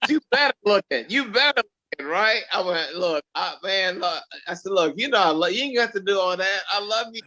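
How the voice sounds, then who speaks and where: A man tells stories as an interview guest, acting out every line of dialogue he quotes. His voice sits fairly high and sounds forceful and bright. The recording is dull and lo-fi. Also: normal speed, few pauses. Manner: animated storyteller who acts out quoted dialogue. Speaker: actor guest. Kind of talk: storytelling in an interview.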